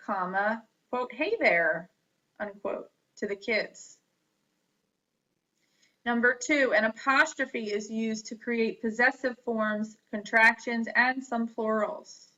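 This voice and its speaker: A woman gives a grammar lesson at a very unhurried pace, pausing between each item and spelling words out letter by letter. Her voice has a bright, crisp edge. The recording sounds dull and lo-fi. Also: medium pitch. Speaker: teacher. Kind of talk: slow classroom lecture on grammar.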